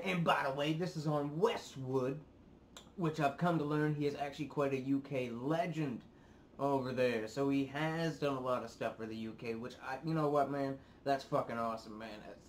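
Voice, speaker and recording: A man's voice: mid-range voice, fairly quick, a little hiss or hum. A young man hosting his reaction vlog, casually ranting at his viewers, swearing a lot and sounding worked up. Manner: swears often, animated and worked up. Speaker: reaction video host.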